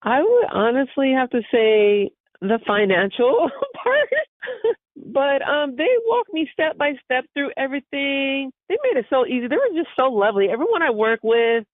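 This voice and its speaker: A woman's voice: medium pitch, no echo. A woman being interviewed as an author, speaking with joyful religious fervor and laughing often. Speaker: author guest. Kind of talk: phone interview. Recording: tinny phone line.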